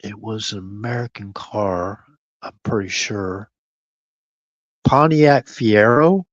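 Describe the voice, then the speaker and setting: A man hosts a late-night live stream, wandering from thought to thought, chuckling, and talking half to himself, sometimes lowering his voice. His voice sits on the low side and moves slowly, with no room sound and the high frequencies cut off.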